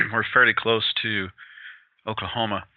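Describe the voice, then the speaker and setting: A man from Colorado hosting a radio interview, talking in a relaxed, conversational way and telling stories with small hesitations. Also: on the low side, creaky, dry recording. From Colorado, USA. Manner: relaxed, conversational, halting storyteller. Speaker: radio host. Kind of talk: interview chat. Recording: tinny phone-line sound.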